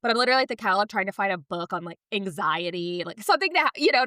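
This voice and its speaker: A woman in her thirties co-hosts a casual podcast chat in a mid-range voice that's bright and forward. She talks rapid-fire with few pauses, telling lively stories and acting out what other people said. The recording is close and dry.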